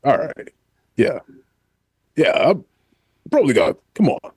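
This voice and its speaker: A man doing an impression of a rambling, boastful older male pro-wrestling star on a podcast, in a gravelly drawl. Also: medium pitch, big pitch swings, a little slow, a little mellow, dry recording, pitched above the performer's own voice, full character voice. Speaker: podcast co-host.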